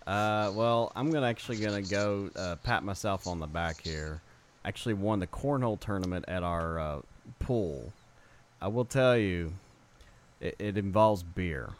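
A man cohosting a casual sports podcast, telling a story in a relaxed way, saying freaking and dude. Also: deep voice, moderate pace.

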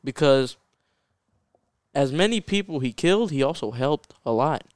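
A man's voice: medium pitch, animated, moderate pace, clean tone, no room sound, clean studio sound. A man guesting on a podcast in casual chat, giving earnest, blunt opinions.

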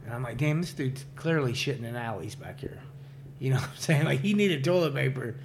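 A man's voice: medium pitch, animated, a little fast, vocal fry, slight background noise. A man casually telling stories on a podcast, loose and profane, laughing often and saying "like" and "dude" a lot. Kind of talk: casual storytelling chat.

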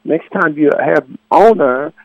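Man, call-in radio caller, emphatic, higher voice, phone line. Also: slow pace, no room sound.

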